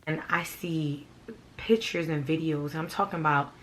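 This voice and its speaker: A woman's voice: deep voice, a little slow. A woman from Brooklyn, telling a story in a casual, blunt, profane, rambling way. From Brooklyn, New York. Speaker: vlogger.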